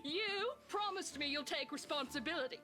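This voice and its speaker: Game voice: a shrill, accusing pregnant mistress, very high, over loud game music. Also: female voice, expressive, moderate pace. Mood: furious. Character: furious pregnant young mistress, desperate and bitter.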